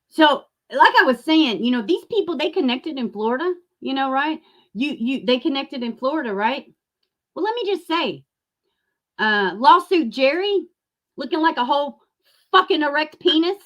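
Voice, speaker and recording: A woman hosting a profane, sarcastic commentary rant, jumping from loud outbursts to mocking near-whispers. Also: fairly high pitch, big pitch swings, moderate pace. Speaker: YouTube commentary host. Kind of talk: ranting commentary.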